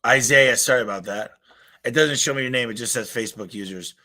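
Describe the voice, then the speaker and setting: A man hosting a live question-and-answer stream, giving blunt, emphatic business advice and acting out little customer stories. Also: medium pitch. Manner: energetic, emphatic, blunt, with acted-out customer quotes; talks fast by his own account.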